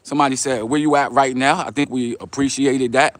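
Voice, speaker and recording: A man's voice: medium pitch, steady tone, a little fast. Middle-aged new york guy walking to the train, reading chat off his phone, easygoing street talk. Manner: laid-back, streetwise slang, reads comments aloud. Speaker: vlogger reading live chat. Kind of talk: casual livestream chat while walking.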